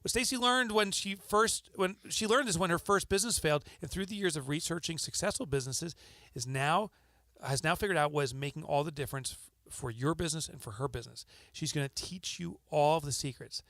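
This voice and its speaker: A man's voice: a little high, fairly quick, a bit bright, no echo. Chatty man hosting a podcast, New Jersey accent. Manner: chatty, jokey, loose. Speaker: podcast host.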